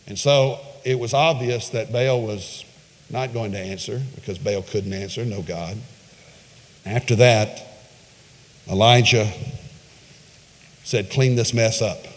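A male pastor preaching a sermon, retelling a story with dramatic pitch swings and voiced quotes. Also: takes it slowly, pauses often. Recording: long reverb of a large hall.

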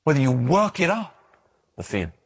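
A man preaching a sermon in a fairly high voice that swings widely up and down. He tells stories with animated energy, often stumbling over words and restarting mid-sentence. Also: normal speed, slightly rough. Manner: animated storytelling with stammered restarts.

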